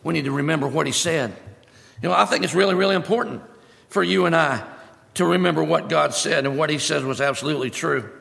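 A man's voice: fairly high pitch, quick pace, creaky, a bit bright. A male preacher giving a sermon, emphatic, repeating his key phrases. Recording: long hall reverb.

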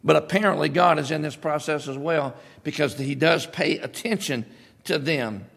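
A male pastor preaching a sermon in an animated, conversational way, with sudden loud bursts. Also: on the high side, normal speed, vocal fry, in a large hall.

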